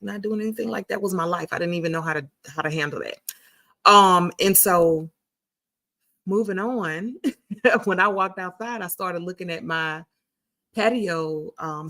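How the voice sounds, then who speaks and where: A woman's voice: lowish voice, fairly bright tone. A woman, hosting a casual livestream and chatting folksily with her viewers. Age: 40s. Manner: chatty, folksy, addresses viewers as sugars and honey. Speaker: livestream host.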